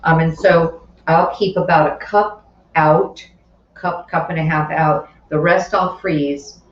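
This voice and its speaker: A woman's voice: low-pitched, steady tone, slow pace, slight background noise. A woman leads a cooking demonstration, talking unhurriedly through each step with friendly asides. She sounds a little far from the mic in a roomy kitchen, with a dull tone and faint clatter of pots and dishes behind her. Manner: chatty, explains each step while working, with asides. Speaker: cooking instructor. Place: home kitchen.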